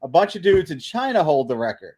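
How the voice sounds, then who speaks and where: Wry, matter-of-fact co-host, mid-pitched man. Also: sing-song, brisk, darkish tone, breathy edge. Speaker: live stream co-host. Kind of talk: casual banter on a live stream.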